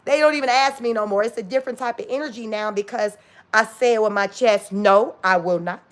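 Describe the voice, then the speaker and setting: A woman's voice: on the high side, steady tone, quick pace. A woman in her forties hosting a casual livestream, blunt and profane, often breaking into laughter. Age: 40s. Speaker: livestream host.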